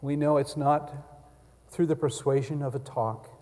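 A male pastor preaching a sermon and communion prayer, swinging from loud cries down to hushed near-whispers. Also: on the high side, fairly even intonation, normal speed, long reverb tail.

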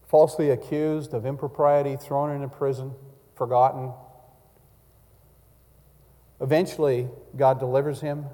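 A male pastor preaching a sermon and communion prayer, swinging from loud cries down to hushed near-whispers. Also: fairly high pitch, big-room sound.

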